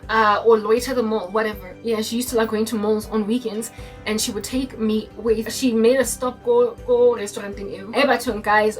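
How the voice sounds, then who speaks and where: A young South African woman telling a personal story in a casual monologue, mixing English with Sesotho and often asking "do you understand?". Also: fairly high pitch. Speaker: Christian YouTuber. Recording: distant mic with faint music behind.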